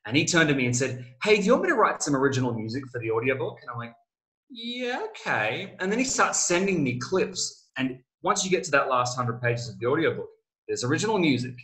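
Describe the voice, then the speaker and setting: A middle-aged man, an author talking as a guest in a casual interview, telling stories and acting out quotes with sudden jumps in pitch. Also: quick pace, poor audio. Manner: animated storyteller, acts out quoted lines with big pitch jumps.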